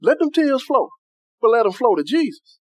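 A man preaching a sermon as pastor, who keeps asking the congregation if they are with him and softens his voice to act out quoted prayers. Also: extremely high pitch, very animated, normal speed. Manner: call-and-response preaching, asks "are you with me?".

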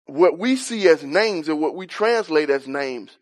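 A man's voice: a little high, lively intonation, measured pace. A man preaching a Bible-teaching sermon, explaining a passage and asking questions as he rises in intensity on key points.

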